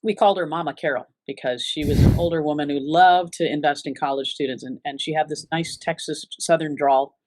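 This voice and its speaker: A woman's voice: low-pitched, steady tone, a little fast, hardly any pauses, darkish tone, no echo. A woman giving an earnest, reflective personal testimony in an interview, often restarting her sentences. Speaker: interview guest.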